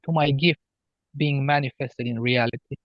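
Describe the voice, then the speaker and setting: A man talking as a healer guest on a podcast, slow and earnest as he explains spiritual ideas. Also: medium pitch, fairly even intonation, no echo, highs cut off. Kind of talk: podcast interview.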